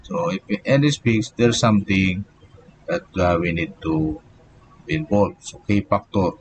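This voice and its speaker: Man, low voice, slow pace, engineering lecture, halting with fillers, faint hiss behind. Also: lively intonation, highs cut off. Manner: slow, halting explanation with many "okay" and "so" fillers. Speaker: engineering professor. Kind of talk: live online lecture.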